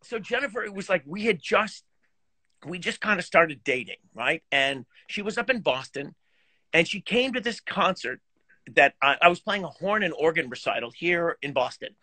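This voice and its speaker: Animated, bright-voiced male storyteller. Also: on the high side, moderate pace, no echo. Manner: animated storyteller, laughs often, self-deprecating. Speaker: guest musician and teacher. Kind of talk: casual chat, storytelling. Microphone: video call.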